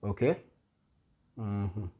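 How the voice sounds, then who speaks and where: A man teaching a grammar lesson, explaining patiently and pausing often with soft "mm-hmm" fillers. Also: lowish voice, husky. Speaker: Spanish tutor.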